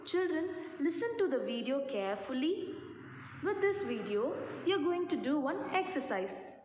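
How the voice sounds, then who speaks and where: A woman's voice: high voice, sing-song, noisy background. A woman teacher spelling out animal names letter by letter for young children, checking in with them often. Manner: slow, spells words letter by letter. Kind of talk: classroom lesson for young children. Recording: echoey room with long reverb.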